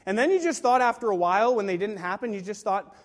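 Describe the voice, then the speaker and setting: Speaking fast and with lots of animation, this high-voiced male pastor preaches to a congregation gathered in a big room. He leans on emphasis and rhetorical questions, performing quoted voices as he goes, while the hall adds a long reverb.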